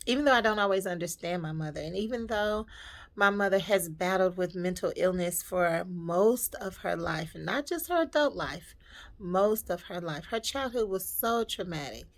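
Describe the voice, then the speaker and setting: Woman vlogger with a slightly low voice, heartfelt and reflective in a personal storytime. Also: lively intonation, moderate pace.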